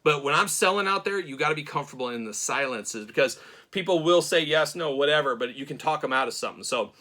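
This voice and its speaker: A middle-aged man hosting a casual chat, talking quickly in a bright, forceful voice that sits a little high. He is animated and excitable and gets more worked up the longer he goes. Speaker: show host.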